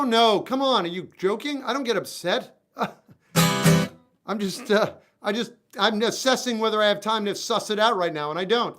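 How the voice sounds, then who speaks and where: A man livestreaming as a musician, talking back to viewer comments with wry, exasperated asides. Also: high-pitched. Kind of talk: casual livestream chat reading viewer comments. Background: acoustic guitar playing.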